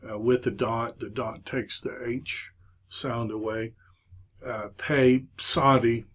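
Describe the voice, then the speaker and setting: A man teaches a Hebrew lesson at an unhurried, measured pace. He stops often to hunt for words, with a voice pitched in the ordinary middle range. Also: fairly even intonation, fairly bright tone. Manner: hesitant, many filler pauses. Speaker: Hebrew instructor. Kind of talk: recorded lecture.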